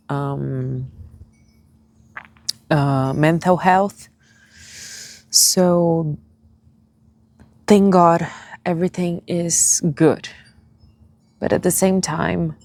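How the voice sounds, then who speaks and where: Young woman vlogger, English, low fry-edged voice, very slow and halting. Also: darkish tone, dry recording. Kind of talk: personal confessional vlog.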